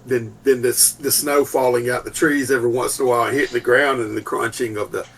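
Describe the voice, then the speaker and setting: Husky, gravelly man playing a tabletop game. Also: mid-range voice, fairly even intonation, fast, fairly bright tone, recorded from a distance. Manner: hesitant, stammering restarts. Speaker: player.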